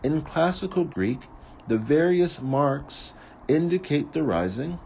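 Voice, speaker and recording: A man reading aloud from a book, slowly and carefully, sometimes correcting himself. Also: a little high, lively intonation, vocal fry, darkish tone, lo-fi sound, a little hiss or hum. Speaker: reader of a book on ritual.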